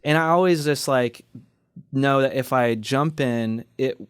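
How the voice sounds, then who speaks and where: A young man hosts a casual podcast with a smooth, clear voice. He reflects on his own experiences and backs up his guest with short affirmations. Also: mid-range voice, a little slow. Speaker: podcast host.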